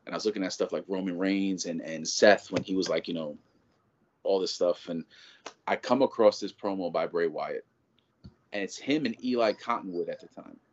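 A man talking in a casual chat as a show's co-host, animated and profane, rambling with lots of restarts. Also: low voice, normal speed. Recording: dull lo-fi audio.

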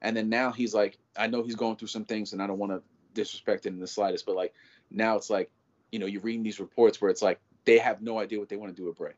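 A man talking in a casual chat as a show's co-host, animated and profane, rambling with lots of restarts. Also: fairly low pitch, fast talker. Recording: dull lo-fi audio.

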